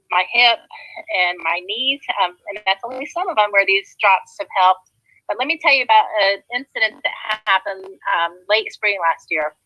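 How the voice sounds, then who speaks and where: A woman's voice: mid-range voice, sharp tone, no room sound, low-quality recording. A woman from Atlanta, a nurse, telling a long personal product testimonial in a chatty way with many fillers and restarts. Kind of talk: casual testimonial.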